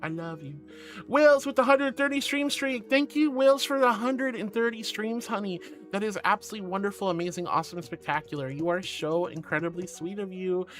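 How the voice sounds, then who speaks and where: A woman's voice: mid-range voice, steady tone, brisk, soft background music. A woman streaming live, reading her chat aloud and answering in a gushing, affectionate way with sweet pet names and playful noises. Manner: playful, meows and rawrs. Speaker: VTuber streamer.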